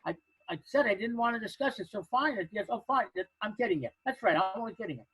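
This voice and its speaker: An older man telling a personal anecdote, halting and restarting, acting out the other people's lines. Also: high voice, animated, breathy edge, no echo, highs cut off. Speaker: storyteller.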